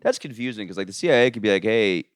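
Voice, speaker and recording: A man from Florida hosts a loose comedy podcast, his voice very low but swinging widely in pitch. He rambles crudely and trails off, recorded close and dry. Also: very animated, rapid-fire, no room sound. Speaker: podcast host. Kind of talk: casual comedy chat.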